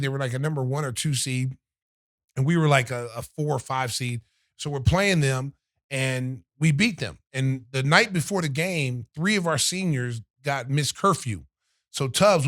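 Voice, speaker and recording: Recorded dry in a clean studio, a middle-aged man with a mid-range voice hosts a podcast. He's an animated storyteller sharing a tale in casual chat, voicing the lines other people said.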